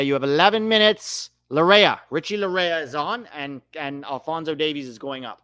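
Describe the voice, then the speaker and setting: Clear-voiced man reacting to a live match. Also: a little high, moderate pace, no room sound. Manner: excitable outbursts between running play-by-play. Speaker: watch-along host.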